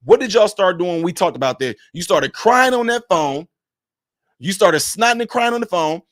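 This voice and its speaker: A man's voice: high-pitched, animated, normal speed, fairly bright tone, dry recording, clean studio sound. A man who is a minister, streaming and talking in a preachy, emphatic, repetitive cadence. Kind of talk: preachy livestream commentary.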